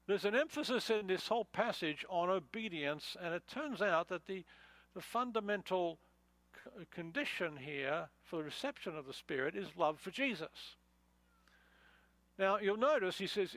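A man's voice: sits high, lively intonation, moderate pace, fairly bright tone, no room sound, poor audio. A man preaching a conversational expository sermon, with many fillers and restarts as he explains a passage verse by verse. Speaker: pastor.

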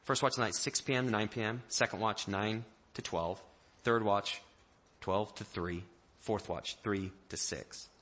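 Male pastor, bright tone, lively storytelling sermon, conversational. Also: medium pitch. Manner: animated, acts out the disciples' panic in quoted voices; conversational, with restarts and small jokes.

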